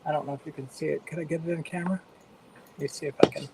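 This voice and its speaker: A woman's voice: low-pitched, steady tone, rapid-fire, dark tone, low-quality recording. A woman joins a group video call from her home office. She tells her story plainly and matter-of-factly. A faint hiss sits behind her voice. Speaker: guest. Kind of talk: casual group video chat.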